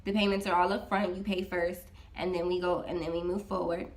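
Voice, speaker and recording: A woman's voice: lowish voice, fairly quick. Woman animatedly retelling a client story. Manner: animated, retells dialogue with many "I was like" asides. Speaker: freelance social media manager.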